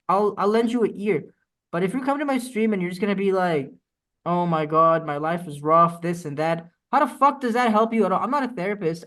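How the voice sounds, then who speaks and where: A young man, a streamer, in a casual podcast chat, ranting emphatically with lots of swearing. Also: sits high. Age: young adult.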